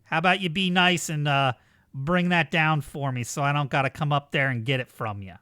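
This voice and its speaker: A man voicing a cocky henchman of a dark lord who calls down to people on a balcony with smug taunts. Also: medium pitch, expressive, normal speed, dry recording, studio quality, lightly acted. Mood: taunting.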